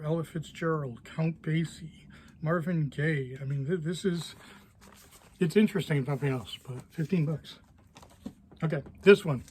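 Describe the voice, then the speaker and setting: A record store owner walking through new arrivals in a casual, offhand way, quickly listing titles and prices. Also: male voice, a little high, a little mellow, slight background noise. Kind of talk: casual product walkthrough.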